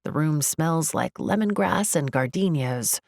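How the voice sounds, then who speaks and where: A woman narrating a first-person romance audiobook in a measured, wry manner. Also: deep voice, expressive, gravelly, a little mellow, dry recording, clean studio sound.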